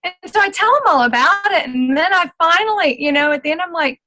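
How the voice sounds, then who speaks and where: A woman telling a personal faith story as a testimony, retelling it with lively acted-out dialogue. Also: extremely high pitch, fast, rough recording. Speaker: ministry speaker.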